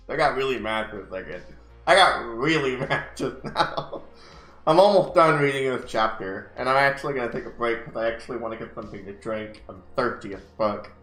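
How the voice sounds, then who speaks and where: A man's voice: medium pitch, sharp tone. A man hosting a casual book reading, breaking off into profane, heated rants between passages. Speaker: host reading a book aloud. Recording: roomy home recording with faint music.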